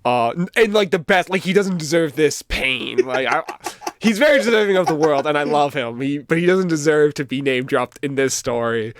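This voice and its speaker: A man's voice: fairly high pitch, lively intonation, moderate pace. A young man guest on a podcast, rambling with embarrassment and swearing as he tells a story. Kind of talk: casual chat.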